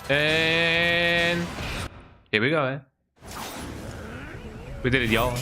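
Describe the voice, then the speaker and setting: A man's voice: a little high, very slow, long pauses. A man casually commenting on his game live, playful and ending lines with "eh?". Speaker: game streamer. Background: game music.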